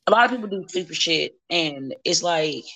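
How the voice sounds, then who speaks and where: A woman in her thirties, a wrestler guesting on a podcast, chatting bluntly and profanely with animated storytelling. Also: fairly low pitch, moderate pace. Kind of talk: casual chat.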